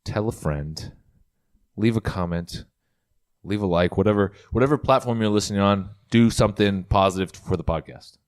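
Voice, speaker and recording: A man's voice: fairly low pitch, moderate pace. A man hosting a podcast, chatting in an easygoing way and signing off heartily. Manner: easygoing, hearty sign-offs. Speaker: podcast host. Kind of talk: casual chat.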